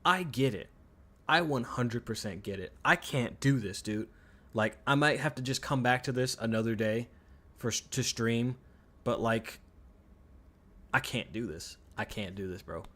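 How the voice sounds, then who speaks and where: An unhurried man with a slightly bright, mid-range voice delivers live gameplay commentary while streaming. He vents exasperation, cursing a lot, repeating himself and abandoning sentences to start over.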